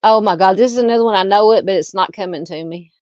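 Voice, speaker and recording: A woman's voice: medium pitch, quick pace, darkish tone, no room sound, highs cut off. A woman with a Southern American accent hosting a casual livestream, chatting and reading out viewer comments. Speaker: livestream host. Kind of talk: casual live-chat.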